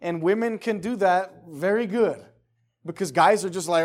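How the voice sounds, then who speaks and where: Speaking at a moderate pace in a high voice, a middle-aged preacher gives an informal sermon, conversational yet emphatic, and performs the voices of those he quotes.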